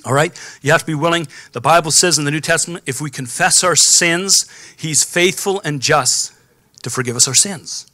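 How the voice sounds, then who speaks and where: Bright-voiced man preaching a sermon. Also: a little high, normal speed, no room sound. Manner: calls out to the congregation for responses. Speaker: pastor. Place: church sanctuary.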